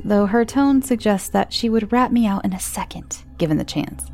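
A woman narrating a first-person horror story in a hushed, tense storytelling manner. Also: medium pitch, lively intonation, normal speed, creaky, hardly any pauses. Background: music.

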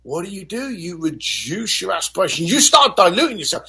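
A man guesting on an interview show, his voice pitched high and a little husky. He talks with big swings in pitch and tells stories energetically, often acting out the lines of the people in them. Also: brisk. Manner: animated storyteller, acts out voices. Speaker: guest author. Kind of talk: motivational interview talk.

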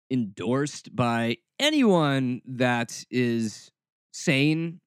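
A man's voice: mid-range voice, no room sound, clean studio sound. Sarcastic man hosting a snarky podcast. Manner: sarcastic, snarky, mock-dramatic. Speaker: podcast host. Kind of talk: casual commentary podcast.

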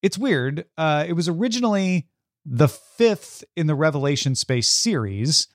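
A man's voice: fairly high pitch, animated, measured pace, dry recording. An American man co-hosting a podcast in casual chat, with a dry, matter-of-fact manner. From United States. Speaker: podcast co-host.

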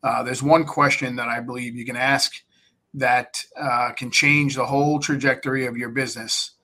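As a podcast guest, a real estate investor talks casually and animatedly in interview style, often repeating words and acting out conversations with sellers. His medium-pitched voice has little pitch movement, a bright, forceful tone, and a normal speed.

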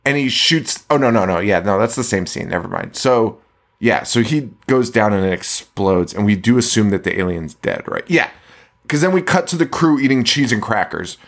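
A man's voice: fairly low pitch, lively intonation, moderate pace, creaky, fairly bright tone. A man co-hosting a podcast, chatting casually about a film in a rambling, profane way that is full of laughter. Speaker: podcast co-host. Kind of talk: casual movie-review chat.

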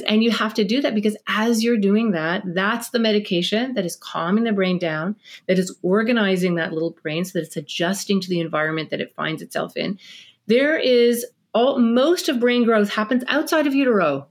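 Energetic middle-aged woman explaining. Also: medium pitch, fairly quick. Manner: acts out parent-child scenes. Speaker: parenting expert guest. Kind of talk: podcast interview.

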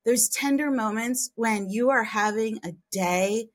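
A woman guesting on a podcast, telling frank, animated stories with mild swearing and big jumps in pitch for emphasis. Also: measured pace. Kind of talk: candid conversational storytelling.

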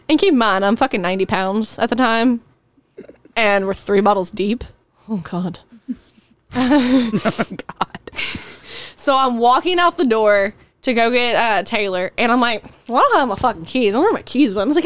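A young woman tells a rowdy story on a podcast, swearing freely and slipping into quick impressions of the people in it. Her voice sits a little high. The sound is close and dry, with no room around it. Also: no echo. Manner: profane, animated storytelling with acted quotes. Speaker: podcast host. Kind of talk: casual storytelling chat.

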